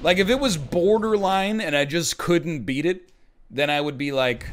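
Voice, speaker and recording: A man streaming a video game, reacting to chat with sarcastic, animated commentary and sudden shouts. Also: fairly high pitch, moderate pace, slight background noise. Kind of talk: casual live-stream commentary while gaming.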